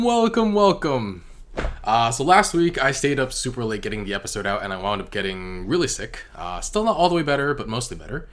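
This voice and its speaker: A man's voice: fairly low pitch, a bit bright. A young man hosting a reaction video, chatting casually and rambling with lots of fillers. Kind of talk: casual chat to camera.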